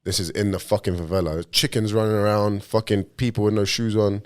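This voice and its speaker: A man's voice: lowish voice, level tone, quick pace. A man from London, a professional fighter, telling stories in casual podcast chat, swearing freely and calling people bro. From London, England. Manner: sweary, storytelling, says bro a lot. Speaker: podcast guest, MMA fighter.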